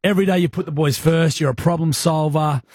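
A man's voice: fairly high pitch, steady tone, fast talker, darkish tone, husky, no room sound, studio quality. A man with an Australian accent co-hosting a radio show, telling stories in laid-back, teasing banter. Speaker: radio co-host. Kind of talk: casual on-air banter.

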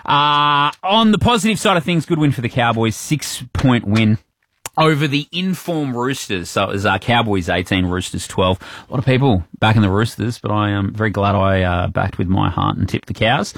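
A man's voice: fairly low pitch, normal speed, vocal fry, fairly bright tone, slight background noise. A man with an Australian accent hosting breakfast radio, chatty and upbeat with lots of fillers. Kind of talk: casual radio banter.

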